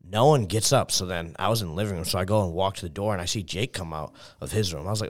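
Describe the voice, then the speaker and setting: A man's voice: low voice, expressive. A young man with a Texan accent telling a rambling story in casual chat, full of fillers and swearing. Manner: fast rambling anecdote full of fillers and profanity.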